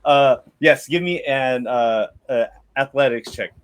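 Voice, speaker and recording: A man's voice: mid-range voice, measured pace, clean tone. A man narrating a tabletop game as game master, rambling with restarts and casual swearing.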